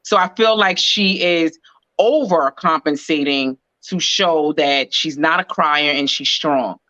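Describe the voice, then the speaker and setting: A woman co-hosting a casual reality TV recap, talking in a relaxed way with lots of filler words. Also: sits low, slow, no echo, muffled recording. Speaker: podcast co-host.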